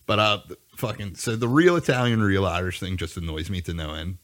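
Man, young adult, very low voice, laid-back, swears a lot, casual chat. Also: fairly quick, a bit bright. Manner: profane, laid-back storytelling.

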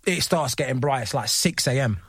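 A man's voice: mid-range voice, expressive, brisk, vocal fry, breathy edge, dry recording, clean studio sound. A man, a former footballer, telling a casual story as a podcast guest. He laughs often and acts out what other people said.

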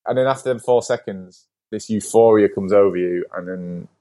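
Chatty man, low voice. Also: moderate pace. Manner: lively storyteller, heavy use of "like", casual swearing. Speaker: podcast guest. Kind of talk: casual interview chat.

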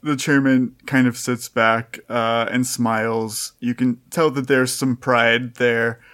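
A man's voice: mid-range voice, flat delivery, slow, fairly bright tone, clear, resonant tone. Game master, male, casual amused narration, mid-range voice.

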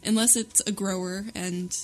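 A woman in a casual podcast discussion, giving frank, measured opinions. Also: mid-range voice, fairly even intonation. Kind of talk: casual chat.

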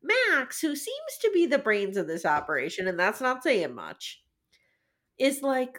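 A woman co-hosting a podcast in casual chat, easygoing and quick to laugh. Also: on the high side, wildly swooping pitch, fairly bright tone. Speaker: podcast co-host.

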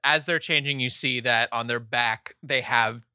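Bright-voiced male game master. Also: medium pitch, steady tone, unhurried, clear, resonant tone, no echo, clean studio sound. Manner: laid-back, swears casually. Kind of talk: narrating a tabletop game.

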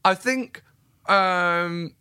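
A man's voice: high voice, very slow, bright, forceful tone, clear, resonant tone, no room sound, clean studio sound. Enthusiastic rambling comedian man. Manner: enthusiastic and rambling, acts out little scenes. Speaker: comedian guest. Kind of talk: casual podcast interview chat.

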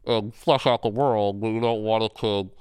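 Smooth-voiced man in loose film chat. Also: fairly low pitch, steady tone, moderate pace, darkish tone, dry recording. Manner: loose, swears freely, many fillers. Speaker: podcast co-host.

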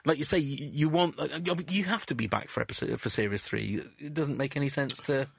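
A man's voice: medium pitch, expressive, a little fast, vocal fry, breathy edge, dry recording. Chatty male podcast host, dry sound. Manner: chatty, stumbling over words. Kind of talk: casual interview chat.

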